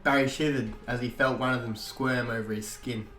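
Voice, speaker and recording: A man narrating an audiobook-style story in a steady storytelling manner. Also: medium pitch, normal speed. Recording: echoey room, faint guitar music.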